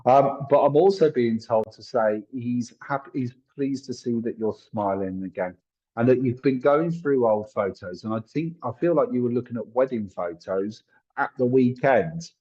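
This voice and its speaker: A man with a husky, slightly breathy voice gives a live psychic reading. He talks in a chatty, apologetic way, full of fillers and asides. The stream audio sounds dull and lo-fi. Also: mid-range voice, moderate pace, dark tone. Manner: chatty, apologetic, thinks aloud with many fillers. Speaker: psychic medium.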